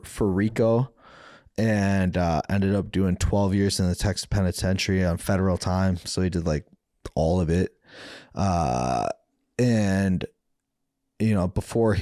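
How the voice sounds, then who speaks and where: A man's voice: sits low, dark tone, dry recording, clean studio sound. A man guest on a podcast telling stories from his youth in a rambling, profane way, full of fillers and restarts. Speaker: podcast guest, former fighter. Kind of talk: casual storytelling interview.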